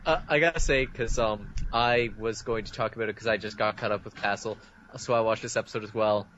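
A man's voice: on the low side, steady tone, brisk, a bit bright. A man co-hosting a casual chat about TV shows, dropping wry, joking asides. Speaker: podcast co-host. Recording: dull lo-fi sound with faint noise.

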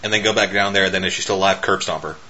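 A man's voice: deep voice, steady tone, racing, lo-fi sound, noisy background. A man casually riffing on a movie, jokey and profane, often laughing. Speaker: movie commentator.

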